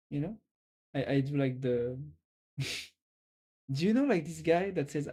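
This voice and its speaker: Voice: medium pitch, lively intonation, normal speed, pauses often, warm tone. A streamer with a French accent, chatting casually on a live stream and teasingly giving a viewer a pep talk.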